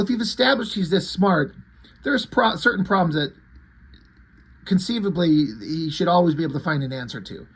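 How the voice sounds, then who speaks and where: A man's voice: sits high, husky. A man casually reviewing a comic book, rambling, swearing, and retelling the story. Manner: rambling, profane, enthusiastic.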